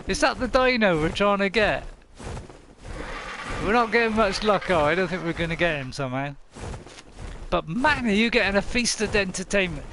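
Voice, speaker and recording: Brief: excitable game streamer, high bouncy voice, noisy game audio behind. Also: male voice, moderate pace, pauses often. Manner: excitable, laughs often, talks to himself. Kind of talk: casual gameplay commentary.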